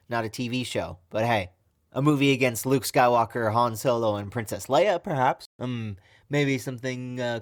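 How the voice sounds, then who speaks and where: A man talks through a casual video review of a TV episode. His voice sits at an ordinary middle pitch. He sounds sarcastic and a bit fed up, complaining as he goes. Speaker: TV show reviewer.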